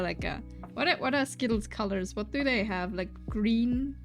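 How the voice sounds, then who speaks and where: A woman's voice: fairly high pitch, a little fast. A woman with a German accent, chatting casually on her stream and reading chat aloud, giggly and full of restarts. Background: faint lofi music.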